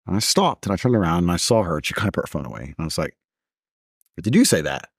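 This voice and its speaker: A man's voice: low voice, very animated, rapid-fire, breathy edge, no echo, studio quality. A man in a casual conversation, telling stories in a blunt, emphatic way.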